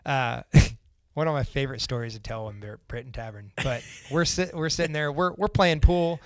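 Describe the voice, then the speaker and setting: A man's voice: mid-range voice, moderate pace, a bit bright, no room sound, studio quality. A young man from Central Indiana with a Midwestern accent, a podcast guest telling a story in casual talk. He swears freely and acts out what others said. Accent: Midwestern American.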